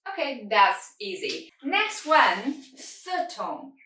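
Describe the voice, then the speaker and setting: Patient woman teaching tones, slow pace, echoey room off-mic. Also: a little high, big pitch swings, pushed and bright, recorded from a distance. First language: Mandarin Chinese. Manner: patient, simple non-native English, sings out tone demonstrations. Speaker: Mandarin teacher. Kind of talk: language lesson.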